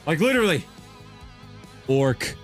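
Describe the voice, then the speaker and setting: Excitable rambling young-sounding man. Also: fairly high pitch, a little slow, faint music behind. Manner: enthusiastic, rambling, restarts often. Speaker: VTuber streamer. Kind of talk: casual chat stream.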